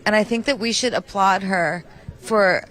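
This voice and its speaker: A woman's voice: medium pitch, normal speed, fairly bright tone, poor audio. Woman singer, earnest and heartfelt, red carpet interview clip.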